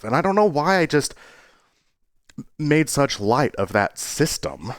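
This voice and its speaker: A man talking to his viewers in a casual, rambling way, earnest but playful, with sudden jumps into a high voice. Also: big pitch swings, unhurried, pauses often, dry recording, studio quality. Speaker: YouTuber. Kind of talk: casual talking-to-camera monologue.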